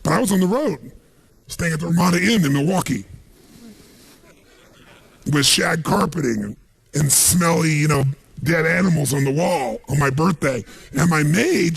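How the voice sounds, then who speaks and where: Gravelly husky american guy pumping up a big seminar crowd, commanding, keeps firing calls back at the room, a bit higher pitched than most men. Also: lively intonation, moderate pace, long pauses. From United States. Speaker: motivational speaker. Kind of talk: stage seminar talk to a live audience. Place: large seminar hall.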